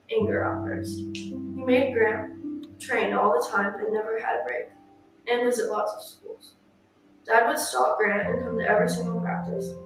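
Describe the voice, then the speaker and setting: A woman narrating for a true-crime channel, reading a written statement aloud in a steady, earnest way. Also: on the high side. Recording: echoey and distant, music behind. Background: music.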